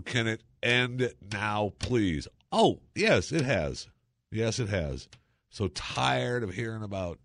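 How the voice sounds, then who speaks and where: A low-pitched man rambles through a talk-show monologue with a chatty, sarcastic edge. His voice sits in a dry, close space with no room sound around it, and he peppers his talk with exclamations and wry asides. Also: fairly bright tone, dry recording. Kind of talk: casual monologue.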